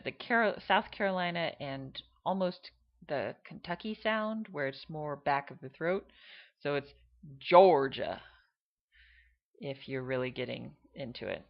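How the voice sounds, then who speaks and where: Woman, low voice, slow and hesitant, casual explainer, dull lo-fi sound. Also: creaky. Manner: hesitant, many fillers, demonstrates accents. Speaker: teacher explaining regional accents. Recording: dull lo-fi recording.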